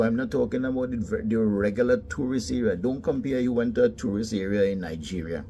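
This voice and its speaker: A man's voice: mid-range voice, mellow, a little hiss or hum. A man from the Caribbean with a Caribbean English accent, telling stories emphatically in a casual monologue.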